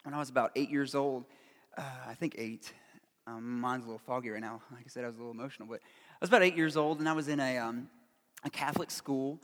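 A man's voice: mid-range voice, fast talker. A man from Pittsburgh preaching a sermon, telling a personal story earnestly and emotionally, with many fillers. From Pittsburgh, USA. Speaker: pastor. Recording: long reverb of a large hall.

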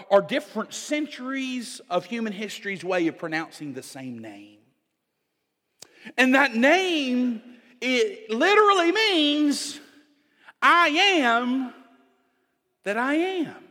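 A man preaches a sermon, pressing his points with emphasis and asking the congregation questions directly. His voice is unusually high for a man, and he speaks slowly with wide swings in pitch. A long hall reverb trails after each phrase. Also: very animated, fairly bright tone.

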